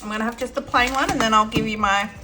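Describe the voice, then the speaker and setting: A woman's voice: a little high, fairly even intonation, quick pace, music in the background. An Australian woman vlogging casually to camera, chatty and effusive, giggling and talking while she eats snacks. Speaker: budgeting vlogger.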